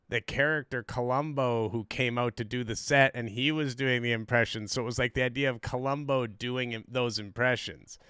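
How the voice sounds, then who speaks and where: A man's voice: mid-range voice, fairly bright tone, clean tone, dry recording, studio quality. A man hosting a stream, chatting casually and bluntly while watching comedy clips, with some swearing. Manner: blunt, profane commentary. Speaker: streamer host.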